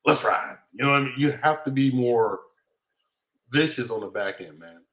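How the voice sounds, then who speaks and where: A man co-hosting a casual sports podcast, relaxed and full of "like" and "you know". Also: mid-range voice, normal speed, poor audio. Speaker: podcast co-host.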